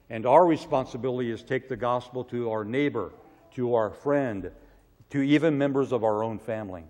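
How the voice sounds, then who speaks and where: A man preaching a sermon, swinging from loud pleading cries to hushed, quiet asides. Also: medium pitch. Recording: long hall reverb.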